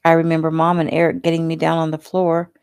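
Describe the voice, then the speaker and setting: A woman voicing a grieving young woman who talks quietly and groggily, full of remorse, in her own low, gravelly voice. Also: monotone, quick pace, dry recording, clean studio sound. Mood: remorseful.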